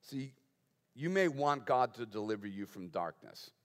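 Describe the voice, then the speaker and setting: A man's voice: medium pitch, very animated, unhurried, long reverb tail. A man preaching a conversational sermon as pastor, asking the congregation rhetorical questions with touches of humor.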